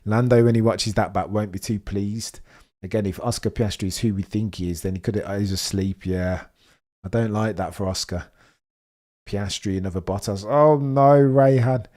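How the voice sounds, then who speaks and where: A young man hosting a live race watch-along stream, chatting with viewers and reacting excitedly as the race unfolds. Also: on the low side. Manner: excitable, chatty, reads chat messages, swings from muttering to excited shouting.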